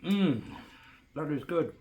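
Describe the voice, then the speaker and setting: A man's voice: fairly high pitch, slow pace. A man hosting a casual home cooking vlog, chatting and murmuring over the food as he tastes it, recorded on a phone. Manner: relaxed, chatty, savoring food with murmurs and apologies. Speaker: DIY channel host. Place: home kitchen by a woodstove. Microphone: phone camera.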